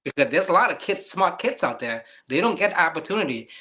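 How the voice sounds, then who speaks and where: A man in his fifties with a fairly high and bright voice. He speaks English earnestly, with the grammar of a native Lao speaker, in a casual conversation. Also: very animated, a little fast. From Thailand. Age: 50s. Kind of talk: casual chat.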